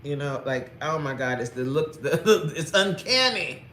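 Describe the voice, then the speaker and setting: A woman's voice: on the low side, expressive, moderate pace, few pauses, a bit bright, reverberant, slight background noise. A woman fitness coach chatting playfully on a livestream, greeting viewers by name, reading their comments aloud and laughing often.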